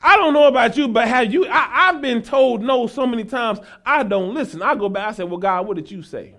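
A male pastor preaching a sermon, mixing folksy asides to the congregation with rising, shouted exhortation. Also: very high-pitched, animated, brisk. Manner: folksy, talks to the congregation as y'all.

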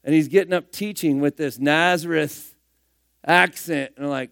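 A man preaching a sermon, firing rhetorical questions and swinging between loud emphatic bursts and hushed asides. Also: fairly high pitch, moderate pace, vocal fry, clean tone, no echo, clean studio sound.

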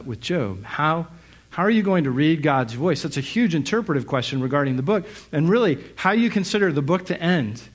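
A middle-aged male pastor preaching a sermon, reflective and searching, who asks many rhetorical questions and pauses on fillers. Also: medium pitch.

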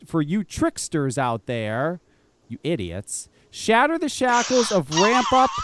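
High, lively-voiced man ranting on a podcast. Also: no echo. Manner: profane, scornful, laughing rants. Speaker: podcast host. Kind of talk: casual ranting chat.

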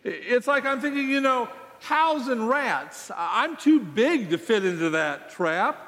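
A man's voice: extremely high pitch, very animated, measured pace, fairly bright tone, pitched above the performer's own voice, full character voice. A man voicing a dim-witted male cow in a sermon story, drawling and puzzled. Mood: confused. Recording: long hall reverb.

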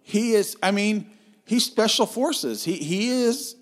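A man's voice: high-pitched, expressive, takes it slowly. A man co-hosting a film review podcast, talking casually and enthusiastically, often stumbling and restarting his sentences.

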